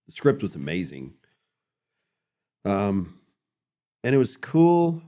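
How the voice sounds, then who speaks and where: A man with a very deep voice answers a question in a casual chat. He speaks haltingly, pausing and searching for his words. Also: wildly swooping pitch, mellow. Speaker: guest filmmaker.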